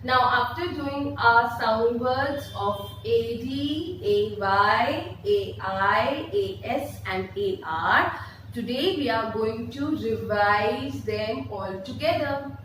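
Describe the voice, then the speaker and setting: A woman's voice: fairly high pitch, lively intonation, slow pace, fairly bright tone, slight background noise. A woman teaching an online phonics lesson in Indian English, spelling words letter by letter and repeating each one with emphasis. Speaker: pre-primary teacher. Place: classroom with a blackboard. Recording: echoey room, voice from a distance.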